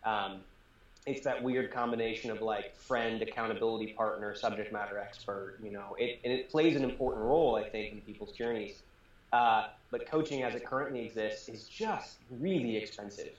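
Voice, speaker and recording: A man's voice: on the low side, moderate pace. A man, a startup founder, explaining his work earnestly as a guest in a casual interview. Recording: roomy, dull remote audio.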